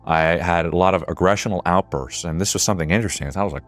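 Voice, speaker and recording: A man's voice: low-pitched, quick pace, few pauses, soft background music. A man in his twenties giving an earnest, reflective monologue, swearing casually at times. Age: 20s. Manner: earnest, builds to emotional intensity. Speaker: speaker.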